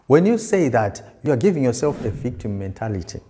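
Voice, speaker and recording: Guy coaching salespeople, warm low-key tone, leans hard on words. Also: lively intonation, fairly quick. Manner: emphatic, repeats key words for effect. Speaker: sales trainer. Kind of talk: motivational teaching talk.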